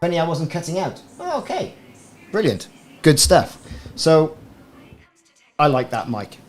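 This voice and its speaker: A man's voice: fairly high pitch, huge pitch swings, unhurried, faint music behind. A gaming streamer chatting casually and rambling in a self-deprecating way while talking into his desk microphone in a small home room. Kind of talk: casual live stream chat. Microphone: desk podcast microphone. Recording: faint room fan noise.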